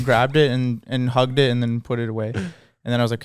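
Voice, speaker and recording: A man co-hosting a casual podcast, teasing his friend and acting out what he said. His mid-pitched voice is smooth and clear, with dry close miking. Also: fairly quick, no echo. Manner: teasing, animated, acts out quotes. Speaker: podcast co-host. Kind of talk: casual chat.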